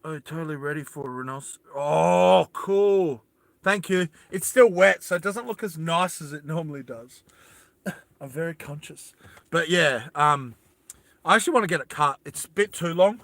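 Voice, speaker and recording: A man's voice: fairly high pitch, normal speed, creaky, fairly bright tone, dry recording. A man hosting a live stream, chatting casually with viewers and reading their comments in a rambling, self-deprecating way. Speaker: livestream host.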